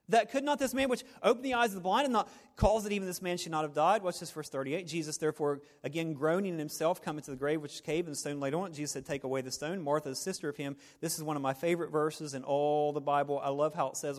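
A man preaching a sermon, swinging between hushed reflection and loud, joking asides. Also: high-pitched, a little fast, long reverb tail. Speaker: pastor.

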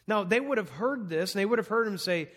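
A man's voice: high voice, lively intonation, brisk, fairly bright tone. A man preaching an earnest, conversational sermon, walking through numbered points on a scripture passage. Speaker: pastor.

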